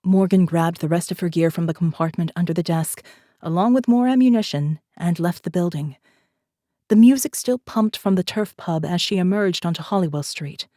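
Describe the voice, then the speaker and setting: A woman narrating a thriller audiobook in a steady, measured storytelling voice, recorded on a close studio mic. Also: lowish voice, no room sound. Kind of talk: scripted narration.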